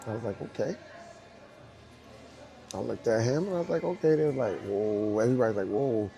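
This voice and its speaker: A man's voice: mid-range voice, expressive, fast, creaky, warm tone. A man with a New York accent telling a story in an interview, acting out voices and sounds, swearing and laughing as he goes. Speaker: guest, dancer. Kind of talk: animated storytelling.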